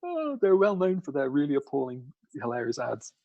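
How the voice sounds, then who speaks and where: Man, casual podcast chat, rambling, laughs often, middle pitch, dry close sound. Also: animated, brisk, creaky, mellow, no echo, muffled recording. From outside America, lived in Chicago. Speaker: podcast co-host.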